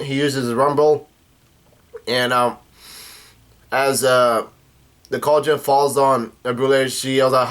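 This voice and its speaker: A man talks through a manga chapter in a loose, rambling way, stopping often on "uh" and restarting his sentences. His voice sits at an ordinary middle pitch for a man. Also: level tone, unhurried, long pauses. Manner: rambling, full of "uh" fillers and restarts. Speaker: manga reaction host. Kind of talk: casual manga recap.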